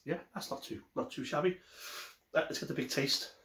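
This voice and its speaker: A man reviews a beer casually on his vlog, chatty and rambling and frequently correcting himself. His voice is a little high and fairly bright, at a moderate pace, in an echoey room.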